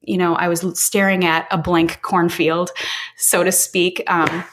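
Interview guest, woman in her forties, lowish voice, candid and unpolished with the odd swear. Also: flat delivery, measured pace. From Illinois, US. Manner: frank and casual, with mild swearing. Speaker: podcast guest. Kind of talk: candid personal storytelling.

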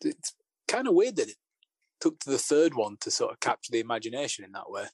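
A man's voice: mid-range voice, sing-song, fairly quick, breathy edge, no echo. Wry man, dry close mic. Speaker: podcast co-host. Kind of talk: casual chat.

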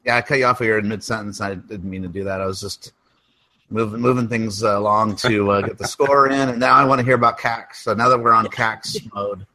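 A man's voice: fairly low pitch, fairly even intonation, fairly quick, bright, forceful tone, rough recording. A man hosting a podcast in casual chat, easygoing and steering the talk along. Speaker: host.

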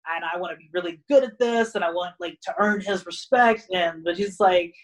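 A young man, a guest wrestler, rambling casually with lots of "like" and animated retellings of stories. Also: sits high, a little fast, poor audio. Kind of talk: casual podcast chat.

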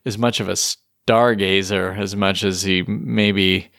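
A man's voice: low-pitched, steady tone, measured pace, a bit bright, dry recording. Male co-host, chatty and joking, dry close recording. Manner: chatty, joking, plays song clips. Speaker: podcast co-host. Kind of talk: casual chat.

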